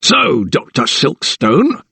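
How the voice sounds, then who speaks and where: A man voicing a broad, mean prison keeper in an audiobook, with a gruff, barking, sneering manner. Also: a little high, wildly swooping pitch, takes it slowly, sharp tone, no echo, exaggerated voice. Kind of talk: audiobook character voice.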